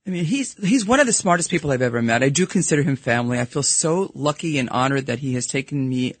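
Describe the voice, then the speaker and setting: Husky middle-aged Brooklyn woman. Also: a bass voice, expressive, no room sound. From New York. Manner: blunt, fast-talking, frank. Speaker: podcast host and real estate broker, guest. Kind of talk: casual radio interview. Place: radio studio. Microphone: studio microphone.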